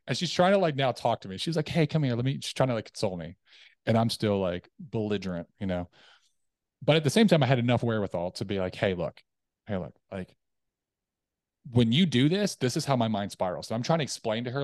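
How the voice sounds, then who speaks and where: Low-voiced man telling a raw story. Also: no echo, clean studio sound. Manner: candid, animated retelling with acted quotes. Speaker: podcast guest. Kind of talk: personal storytelling.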